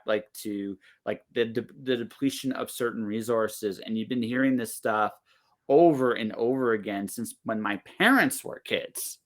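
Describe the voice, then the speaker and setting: A man's voice: mid-range voice, pushed and bright. Blunt, emphatic man in his forties. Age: 40s. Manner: emphatic and blunt, swears freely, frequent self-interruptions. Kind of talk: casual podcast conversation.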